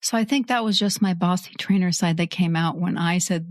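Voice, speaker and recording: A woman hosts a podcast from a small indoor studio, talking casually and teasing herself as she goes. Her voice sits a little low. The sound is dry and close, with no room echo. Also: brisk, few pauses. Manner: chatty and self-mocking, laughs easily. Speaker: podcast host.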